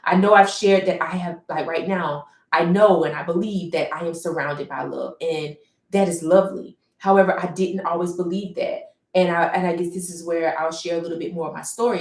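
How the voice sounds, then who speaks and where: A woman telling her personal story during a livestream, reflective and searching for words, with many pauses and restarts. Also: lowish voice, steady tone. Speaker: painter livestreaming. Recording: roomy echo.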